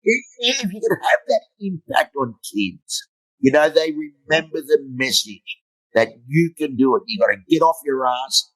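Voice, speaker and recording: A man's voice: on the high side, animated, moderate pace, fairly bright tone, rough recording. A middle-aged man, a motivational speaker, telling blunt, humorous stories in an interview and swearing freely. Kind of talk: storytelling interview.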